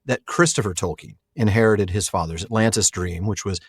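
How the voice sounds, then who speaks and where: A man hosting a casual podcast in an animated way, quick to laugh along with his co-host. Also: lowish voice, breathy edge, dry recording, studio quality.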